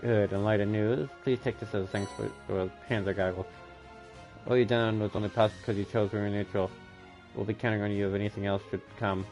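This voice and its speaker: A man's voice: fairly low pitch, level tone, fast talker, darkish tone, soft background music. A man streaming live, reading game dialogue aloud and often correcting himself mid-line. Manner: reads lines aloud with frequent self-corrections.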